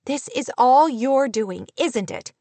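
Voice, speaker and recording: A woman voicing Kate, sharp young teacher. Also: mid-range voice, animated, moderate pace, no room sound, natural voice. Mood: shaking indignant. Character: indignant young woman teacher, proud and prickly.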